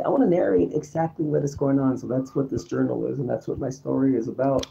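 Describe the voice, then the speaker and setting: A man's voice: mid-range voice, quick pace, vocal fry, dark tone, lo-fi sound. A man hosting his own show in a rambling, repetitive, confessional monologue. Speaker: show host.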